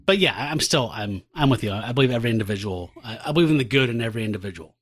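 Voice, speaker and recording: A man's voice: mid-range voice, expressive, rapid-fire, no room sound. A man co-hosting a podcast, retelling a comic in casual chat and acting out lines with funny voices. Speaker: podcast co-host.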